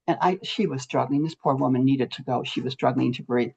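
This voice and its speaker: A woman's voice: rumbling low, fast talker, gravelly, hardly any pauses, breathy edge. An older woman, a guest in an interview, telling a story earnestly and acting out what people said. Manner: earnest, animated storyteller who acts out quotes. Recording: muffled lo-fi audio.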